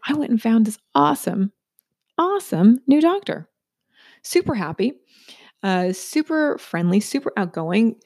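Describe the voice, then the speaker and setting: Chatting casually through a personal story, a middle-aged woman keeps asking "right?" in her mellow, mid-range voice with its gravelly vocal fry. The audio is dry and close-miked, carrying no room sound at all.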